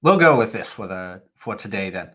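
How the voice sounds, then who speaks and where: A man's voice: lowish voice, expressive, normal speed, bright, forceful tone. A man co-hosting a live video-call show, telling his own story in an easygoing way. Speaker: co-host and audiobook narrator. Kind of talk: casual live-stream chat.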